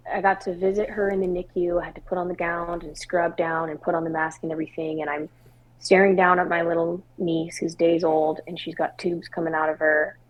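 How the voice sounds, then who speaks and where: Candid, expressive woman podcast guest. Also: on the low side, muffled recording. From Washington State, US. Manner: candid, expressive storytelling with laughs and quoted dialogue. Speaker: guest singer-songwriter. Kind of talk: podcast interview, personal story.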